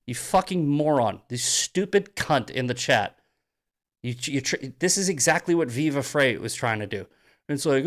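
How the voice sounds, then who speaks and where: A man hosting a political monologue on a live stream, mocking his critics, swearing and shouting at points. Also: medium pitch. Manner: angry, profane, shouting bursts. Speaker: host.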